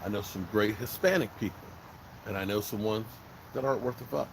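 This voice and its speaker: A man's voice: lowish voice, a little fast, vocal fry, noisy background. A man from Virginia hosting a casual live stream, talking bluntly and rambling, swearing freely. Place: outdoors by a smoker fire.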